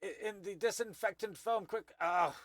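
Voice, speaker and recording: A man's voice: high-pitched, very animated, normal speed, a bit bright, no room sound, voice pushed up. Fussy old insect artificer, raised bossy voice, dry recording; man performing. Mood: commanding. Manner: fussy, distracted, barking orders.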